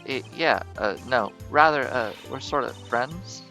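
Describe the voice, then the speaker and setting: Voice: medium pitch, expressive, a little slow, pushed and bright, faint music behind. A streamer voicing a flustered young male defense lawyer, hesitant, stammering and apologetic. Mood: awkward. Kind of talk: visual novel voice reading.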